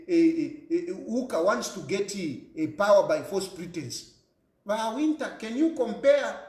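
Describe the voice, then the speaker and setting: A fiery Zambian man delivers a heated political rant in a high, swooping voice that leaps up and down in pitch. He hammers home his points with repeated rhetorical questions, and the room around him sounds echoey. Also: darkish tone. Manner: fiery, repetitive rhetorical questions, mixes local language into English. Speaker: political commentator. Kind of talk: impassioned political monologue.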